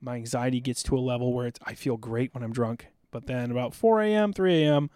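A man's voice: medium pitch, a little fast, darkish tone, clear, resonant tone, no echo, studio quality. A middle-aged man from South Dakota, a podcast guest telling stories in an intense, amped-up, blunt and profane way. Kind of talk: casual storytelling.

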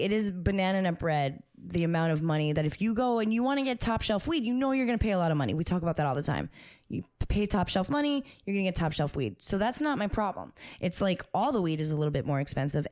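A woman's voice: lowish voice, a little mellow. A woman co-hosting a casual podcast chat, talking candidly with slang and emphatic repetition. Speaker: podcast co-host.

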